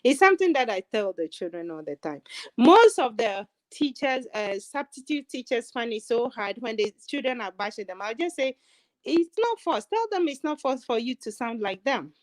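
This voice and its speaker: A woman, a substitute teacher and guest, telling animated stories in a casual chat. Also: a little high, normal speed, no room sound. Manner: animated storyteller, laughs often.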